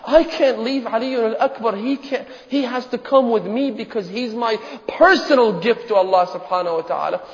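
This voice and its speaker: A sorrowful father speaks softly and tenderly, his voice breaking with feeling, as a male preacher acts him out. The voice sits high. The recording is muffled and echoes through a large hall. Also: moderate pace, natural voice. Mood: impassioned. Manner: soft, tender, breaking with emotion. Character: grieving father gently refusing his daughter.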